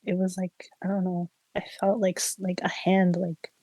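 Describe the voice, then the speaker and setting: A young woman streamer casually telling a ghost story, animated and giggly, full of "like" fillers. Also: lowish voice, moderate pace, husky, no room sound, low-quality recording. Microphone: streaming mic.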